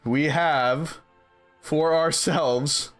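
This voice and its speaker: A man streaming, chatting casually with his viewers in an animated way and laughing between sentences. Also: fairly high pitch, extremely slow, soft background music. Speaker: game streamer.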